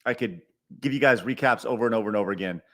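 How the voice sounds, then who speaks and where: Talking very fast in a lowish, pushed and bright voice, a middle-aged podcast host reads super chats on his live stream and rants with exasperation. He swears, repeats himself, trips over words and keeps stuttering and restarting.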